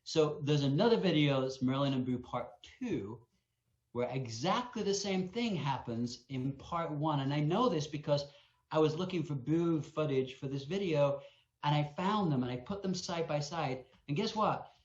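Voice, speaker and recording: A man's voice: on the high side, moderate pace. A man co-founding a wolf sanctuary, telling a story in a live Q&A and acting out the sounds. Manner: animated storyteller, acts out sounds. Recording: echoey, muffled sound.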